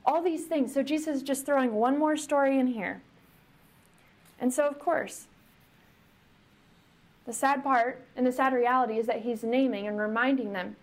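Woman pastor, slightly high-pitched, relaxed conversational sermon with questions to the room. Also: normal speed, pauses often. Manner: conversational, asks the congregation questions.

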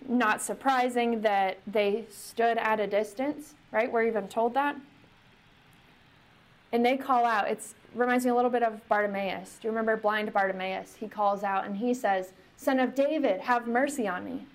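A woman's voice: fairly high pitch, steady tone, normal speed. A woman pastor giving a conversational sermon, often asking the congregation questions.

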